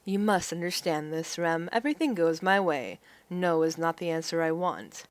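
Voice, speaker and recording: A woman's voice: sits low, animated, moderate pace, dry recording, voice pushed down. A woman voicing an arrogant, manipulative young male noble with cold, domineering threats, reading a visual novel aloud.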